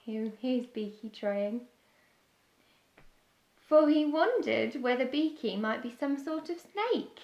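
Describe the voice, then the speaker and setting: A woman teacher reads a children's storytime gently, stopping to ask her young listeners questions. Her voice is high and her pace is slow. The room gives back a noticeable echo. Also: expressive, muffled recording. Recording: echoey room.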